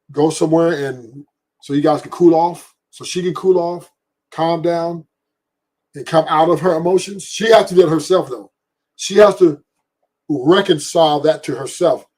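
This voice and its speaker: A man's voice: on the high side, normal speed, warm tone, low-quality recording. A laid-back man, explaining his view on a talk show. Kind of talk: casual debate talk.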